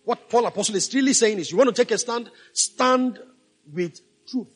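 A man's voice: extremely high pitch, rapid-fire, breathy edge, soft background music. A male pastor preaching a sermon, emphatic, repeating key phrases and asking the congregation if they follow.

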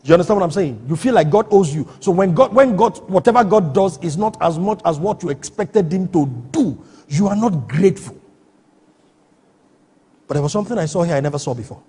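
A man's voice: sits high, animated, a little fast, mellow, husky. A man preaching a sermon, emphatic, often asking his listeners whether they understand. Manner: emphatic, rhetorical questions to the congregation. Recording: echoey hall reverb.

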